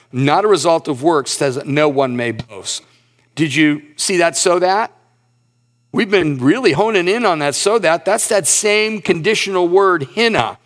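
A pastor preaching a sermon with earnest emphasis, reading scripture slowly and rising in pitch on key points. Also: male voice, fairly bright tone.

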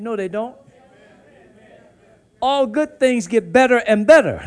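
Male preacher, very high pitched, swings from quiet to fervent shouts. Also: animated, normal speed, smooth, some chatter behind. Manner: call-and-response preaching, swings from hushed to shouting. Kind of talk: sermon.

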